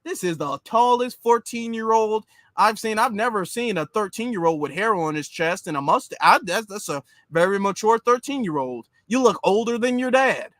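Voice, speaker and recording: A man with a fairly high voice gives casual commentary in a sarcastic, mocking manner. He talks in an animated way, and the recording is dry and close with no room sound. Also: moderate pace, no echo.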